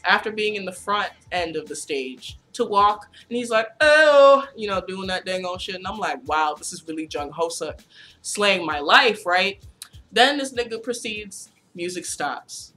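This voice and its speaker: A young woman recaps a concert in casual chat, gushing and swearing with slangy excitement. Her voice is bright and forceful, sitting at an everyday middle pitch. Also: measured pace, soft background music. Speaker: vlogger.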